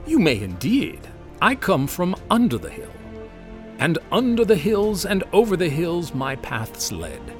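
A man reading aloud, voicing a small, clever male hobbit who flatters and speaks in riddles. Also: sits high, a little slow, soft background music, pitched above the performer's own voice, full character voice. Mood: flattering.

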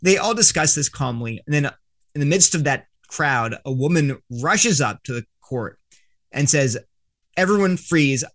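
A man's voice: medium pitch, lively intonation, moderate pace, a bit bright. A man, an author and guest, earnestly explaining an argument in an interview, often restarting his sentences.

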